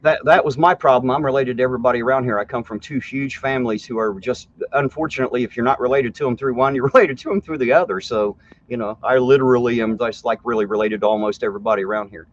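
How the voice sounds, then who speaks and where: A man's voice: medium pitch, quick pace, lo-fi sound, slight background noise. Blunt man with a slight southern Ohio drawl. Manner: blunt, joking, laughs often. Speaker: host. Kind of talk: casual live-stream chat.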